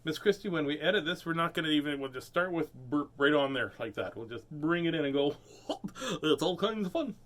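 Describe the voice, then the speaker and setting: A man's voice: a little high, quick pace, hardly any pauses, a bit bright, slight background noise. A man hosting a children's reading stream, chatting in a goofy, sing-song way and laughing often. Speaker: host reading children's books. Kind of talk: playful live-stream chat.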